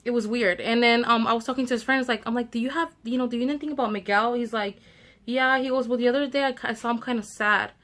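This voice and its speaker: A woman's voice: fairly high pitch, steady tone, fast talker, fairly bright tone. A young woman chatting to her viewers in a casual story time, full of fillers and asides to the audience. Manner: chatty, many fillers, addresses viewers directly. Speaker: vlogger telling a story time.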